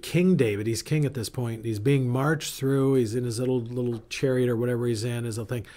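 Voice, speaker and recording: Male pastor, mid-pitched, casual storytelling sermon with animated asides. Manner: conversational, animated storytelling with self-interruptions. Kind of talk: informal sermon.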